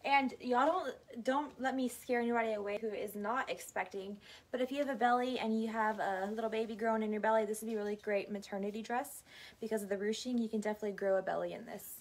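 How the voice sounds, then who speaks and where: A woman's voice: a little high, steady tone, quick pace. A woman modeling clothes on a live sale, friendly as she explains fit and fabric. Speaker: shop worker modeling clothes. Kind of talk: casual live-sale chat.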